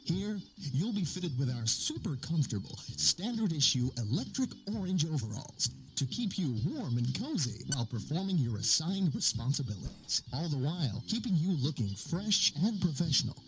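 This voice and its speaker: A man's voice: very animated, moderate pace, slight background noise, low-quality recording. A man voicing a chipper corporate orientation narrator. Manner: upbeat sales-pitch delivery with dark jokes. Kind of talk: scripted promo narration. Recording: over loud music.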